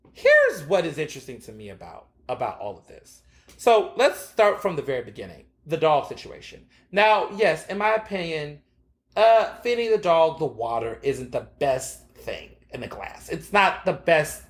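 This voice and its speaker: Sassy, animated male podcast host. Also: on the high side, reverberant. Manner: sassy, animated storytelling with frequent fillers and profanity. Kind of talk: casual opinion monologue.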